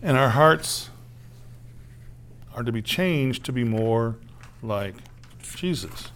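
A man's voice: medium pitch, expressive, slow, a bit bright, slight background noise. A man preaching a conversational sermon, often asking "right?" and acting out the voices in a parable. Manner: conversational preaching, acts out quoted voices, tag questions. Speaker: pastor.

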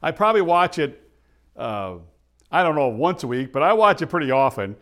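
Lively, chatty man interviewer. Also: on the high side. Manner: responsive, chatty, quick backchannels. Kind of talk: casual conversation.

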